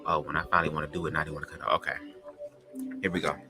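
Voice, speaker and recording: Sassy low-voiced male podcaster. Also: little pitch movement, racing, over loud music. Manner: sassy, slangy, swearing, jumps into high squeals. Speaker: podcast host reading a book aloud. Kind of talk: casual reading with asides.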